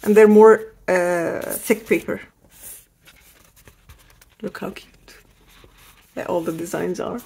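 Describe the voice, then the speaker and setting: A woman's voice: lowish voice, steady tone, takes it slowly, creaky, pauses often, dark tone, husky. A middle-aged woman hosting a crafting haul, gushing enthusiastically and repeating her praise as she shows items. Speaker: crafting channel host. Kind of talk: casual product haul show-and-tell.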